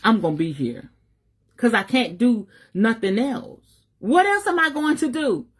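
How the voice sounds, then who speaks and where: A woman's voice: on the high side, sing-song, unhurried, husky. A middle-aged woman, a spiritual advisor giving a fiery, emphatic live message with a preacher's cadence, speaking in African American Vernacular English and swearing freely.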